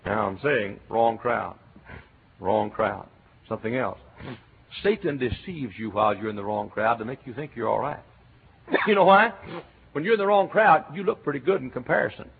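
A middle-aged man from Texas with a Texan accent, preaching a sermon as a pastor, telling stories and breaking into shouts. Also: medium pitch, moderate pace, vocal fry, breathy edge. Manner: animated storytelling, bursts into shouts and chants. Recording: tinny phone-like recording.

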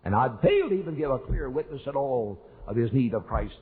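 A man's voice: medium pitch, very animated, fairly quick. An older man, preaching a sermon as a pastor and telling a story earnestly, repeating lines and rising in emphasis. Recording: husky voice over a tinny, phone-like recording.

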